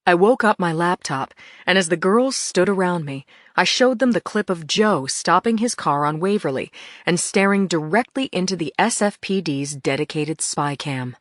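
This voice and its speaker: A woman's voice: lowish voice, lively intonation, moderate pace, dry recording, studio quality. A woman reading an audiobook in the first person, with tense, emphatic storytelling. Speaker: audiobook narrator.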